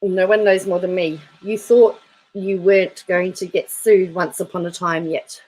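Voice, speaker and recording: A woman's voice: fairly low pitch, level tone, a little slow, a little mellow, low-quality recording. A woman hosting her own channel, reading viewer comments aloud and reacting in casual commentary, often breaking into laughter. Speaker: YouTube channel host.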